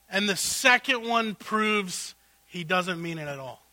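A man preaching a sermon as pastor, swinging between loud exclamations and hushed asides. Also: sits high, animated, measured pace, dry recording.

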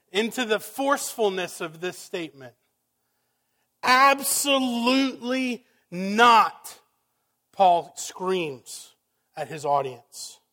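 A man preaching a sermon, emphatic, firing rhetorical questions and swinging from loud exclamations down to hushed, quiet passages. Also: high voice. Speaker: pastor.

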